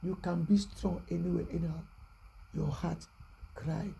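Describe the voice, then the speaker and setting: Gravelly, hushed preacher. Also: mid-range voice, fairly even intonation, moderate pace, slight background noise, low-quality recording. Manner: hushed, repetitive, prayerful. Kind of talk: prayerful exhortation sermon.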